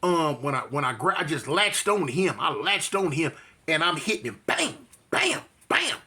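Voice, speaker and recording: A man telling a street fight story in slangy, animated talk, acting out voices and punch sounds. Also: on the high side, brisk, breathy edge.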